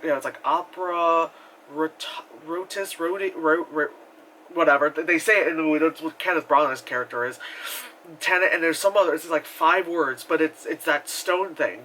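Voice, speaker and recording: A young man giving a casual, rambling movie review, swearing often and getting excited as he talks. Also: fairly high pitch, a little hiss or hum, low-quality recording.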